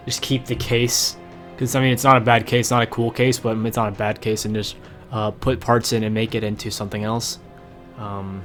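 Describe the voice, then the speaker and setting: A man's voice: fairly low pitch, fairly bright tone. A young man in his late teens hosting a casual let's-play, rambling and chatty with frequent fillers and self-corrections, recorded on a desk microphone at home. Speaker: gaming channel host.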